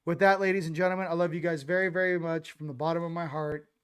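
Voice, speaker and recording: A man hosting a casual livestream, giving hyped shout-outs and rambling loosely to viewers. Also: fairly high pitch, fairly even intonation, fast talker, clean tone. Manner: loose, rambling, repeats "ladies and gents". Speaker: host.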